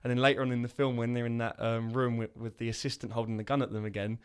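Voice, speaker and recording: A man's voice: medium pitch, level tone, quick pace, clean tone. Man retelling film scenes. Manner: retells film scenes, acting out the lines with laughs. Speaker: podcast co-host. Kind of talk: casual film review chat.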